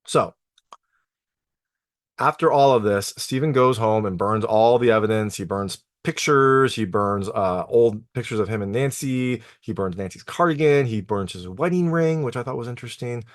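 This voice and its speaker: A man's voice: mid-range voice, normal speed, no echo, studio quality. A man hosting a TV review channel, casually recapping an episode with lots of filler words. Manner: conversational, lots of "like" and "you know" fillers. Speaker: TV review host.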